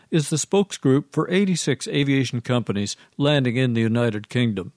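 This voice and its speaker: A man's voice: medium pitch, darkish tone, no echo, studio quality. A man hosting a radio show, reading scripted commentary with a sarcastic, mocking delivery.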